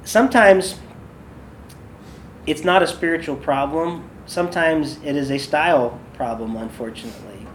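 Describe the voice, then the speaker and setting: A man's voice: fairly high pitch, moderate pace, a little hiss or hum. A man who leads worship, giving a casual workshop talk full of stories and loose asides. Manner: chatty, loose, with many fillers and asides. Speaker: worship leader and podcast host.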